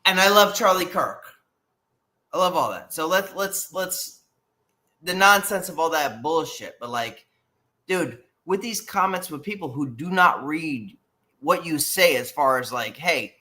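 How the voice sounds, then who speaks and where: Guy co-hosting a chat show, bright voice, swings up and down a lot, lots of dude and like. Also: fairly high pitch, unhurried. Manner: animated, says dude and like a lot. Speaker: podcast co-host. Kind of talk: casual chat.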